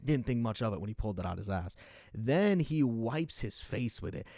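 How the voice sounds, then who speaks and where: Young guy rambling thru a profane funny story, lots of likes and you knows, mid pitch, dry close mic. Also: moderate pace, vocal fry, no room sound. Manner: rambling, profane, animated storytelling with many fillers. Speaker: comedian telling a story. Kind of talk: casual storytelling monologue.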